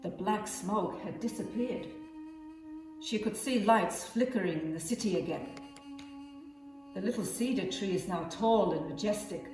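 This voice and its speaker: A teacher reading a children's story aloud in a gentle, measured way. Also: female voice, medium pitch. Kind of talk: storybook narration. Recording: echoey room, far from mic, music behind.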